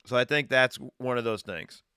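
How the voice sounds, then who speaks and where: A man's voice: medium pitch, moderate pace, bright, forceful tone, clean tone, no echo, clean studio sound. A man hosting a live streamed sports show from his garage, talking betting picks in a loose, rambling way, often restarting his sentences. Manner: rambling, self-correcting, chatty. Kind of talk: casual sports betting talk. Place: home garage with wood paneling. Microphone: streaming setup, green screen.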